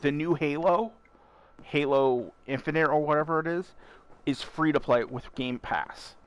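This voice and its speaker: A man's voice: fairly high pitch, measured pace, dull audio. A man hosting a casual gaming podcast, talking bluntly and calling his listeners folks. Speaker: podcast host.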